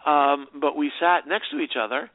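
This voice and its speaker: A man's voice: a little high, lively intonation, normal speed, no echo. A man, a film director being interviewed, rambling through anecdotes with many restarts and fillers. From United States. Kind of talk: casual interview answers. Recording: dry, tinny phone-line sound.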